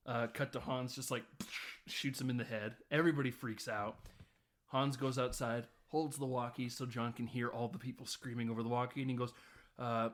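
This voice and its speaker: A man's voice: medium pitch, fairly even intonation, moderate pace. A man recapping a film in a casual podcast, rambling and laughing often. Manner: rambling, chuckling, lots of fillers. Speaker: podcast host.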